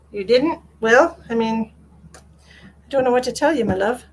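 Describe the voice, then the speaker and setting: A woman's voice: on the high side, animated, normal speed, long pauses, a little hiss or hum. A woman psychic medium on a live stream, answering viewer comments in a blunt, lecturing way and repeating phrases for emphasis. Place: at home with her cat.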